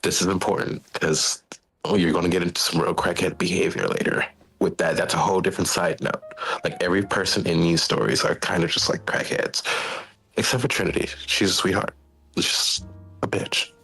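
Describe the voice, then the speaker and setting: A man's voice: deep voice, fairly even intonation, brisk, gravelly, bright, forceful tone, slightly rough, low-quality recording. A man hosting a stream, telling a long story in casual, profane, rambling chat. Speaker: streamer host.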